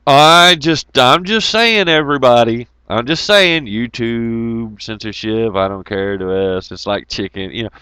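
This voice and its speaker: A man's voice: mid-range voice, a little slow, few pauses, sharp tone, clear, resonant tone, no room sound. A man giving a profane, rambling, jokey monologue to his viewers, laughing often. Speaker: YouTube commentator. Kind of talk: casual ranting monologue.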